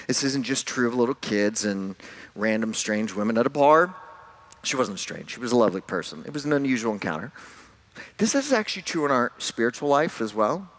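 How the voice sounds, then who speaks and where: A man preaching a sermon at an ordinary mid pitch. He talks like he is chatting with friends, telling a personal story with dry, self-deprecating humor and easy asides to the congregation. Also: animated, fairly quick, a bit bright. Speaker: pastor.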